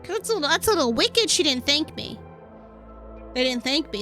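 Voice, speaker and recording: A woman streamer casually playing a game, reading its text aloud with excitable, profane outbursts. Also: sits high, brisk, soft background music.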